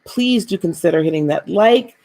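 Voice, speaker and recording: A woman leads an inspirational spiritual talk on a live stream. Her delivery is gentle and preacherly. She repeats key phrases for emphasis and speaks warmly and directly to her viewers. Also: lowish voice, expressive, normal speed, vocal fry. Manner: speaks directly to viewers, calls them beloved.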